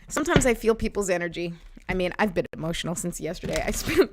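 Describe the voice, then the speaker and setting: A woman's voice: on the low side, very animated, moderate pace, background noise. A woman in her forties giving a spiritual oracle card reading on a live stream, earnest and chatty with many fillers. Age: 40s.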